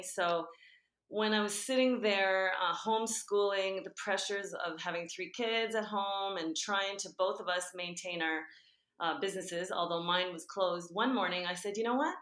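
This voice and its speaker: Bright, lively woman in her forties. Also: on the low side. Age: 40s. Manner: animated, acts out her own inner voices. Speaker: guest, golf and fitness trainer. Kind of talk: casual storytelling in a podcast interview. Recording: echoey room.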